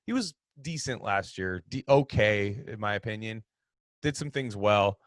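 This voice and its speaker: Lower-voiced man riffing on football. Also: measured pace, no echo, studio quality. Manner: rambling and opinionated, with many restarts. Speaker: sports podcast host. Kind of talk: casual sports talk.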